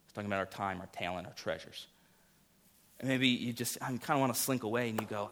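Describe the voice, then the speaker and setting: A man preaching a sermon as pastor, earnest, rising to loud emphasis and dropping to quiet, intimate lines. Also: on the low side, a little fast.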